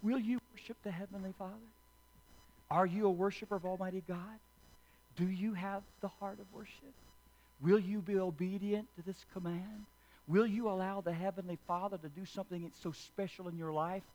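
High-voiced preacher firing off questions. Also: male voice, steady tone, darkish tone. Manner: impassioned preaching, rapid-fire repeated questions. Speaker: pastor. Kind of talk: sermon with congregational call-and-response. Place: church sanctuary.

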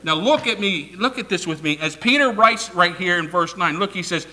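A man preaching a sermon, swinging from loud declarations to soft asides and having the congregation repeat phrases back. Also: high-pitched, normal speed, hardly any pauses. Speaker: pastor.

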